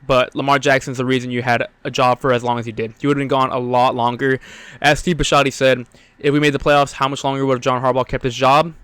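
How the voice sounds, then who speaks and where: A man's voice: medium pitch, level tone, fast, a bit bright, clean tone, dry recording. A young man hosting a solo sports podcast, out of breath, rambling with lots of fillers and blunt, profane opinions. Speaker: podcast host.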